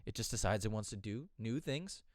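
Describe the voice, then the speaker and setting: A man's voice: on the low side, lively intonation, a little fast, no room sound, studio quality. A man hosting a podcast, telling a personal story in a candid, casual way, swearing freely and restarting his sentences. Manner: candid, profane, rambling with restarts. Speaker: podcast host.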